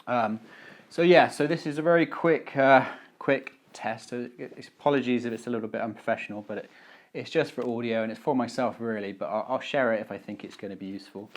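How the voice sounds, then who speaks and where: In a roomy, echoey indoor recording, a man with a medium-pitched voice talks fairly quickly. He's a video maker testing microphones, doing a casual, unscripted equipment walkthrough that's self-deprecating and rambling, with plenty of fillers and restarts.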